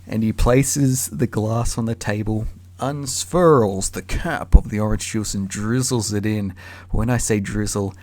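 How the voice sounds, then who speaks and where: A young man telling a casual story in an animated, slangy way. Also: lowish voice. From Australia. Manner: animated, slangy, acts out voices.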